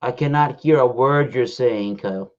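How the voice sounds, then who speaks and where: A man's voice: medium pitch, normal speed, darkish tone. A man hosting a casual beer review livestream, calling out to a guest whose audio has dropped. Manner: repeats a guest's name to check the line. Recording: dull lo-fi stream audio.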